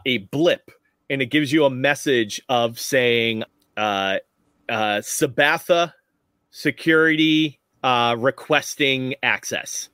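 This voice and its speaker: A man's voice: mid-range voice, dry recording. Easygoing guy running a tabletop game, dry close sound, lots of ums. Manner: relaxed, rambling, laughs often. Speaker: game master.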